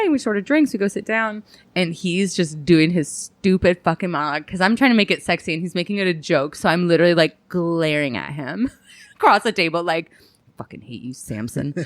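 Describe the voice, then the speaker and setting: A woman's voice: on the low side, no room sound. A woman comedian, a podcast guest, telling a story in casual chat, laughing and swearing as she talks. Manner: animated, laughing, swearing, lots of "like".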